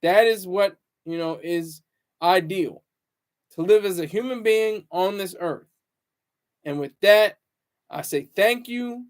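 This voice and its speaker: High-voiced man rambling in a reflective monologue. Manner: halting and rambling, repeats words, many fillers. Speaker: show host. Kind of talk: solo talk-show monologue.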